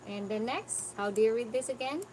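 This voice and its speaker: A woman teaching an online English pronunciation lesson, patiently correcting a student and repeating words slowly. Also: a little high, darkish tone, poor audio. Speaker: English tutor. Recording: noticeable background noise.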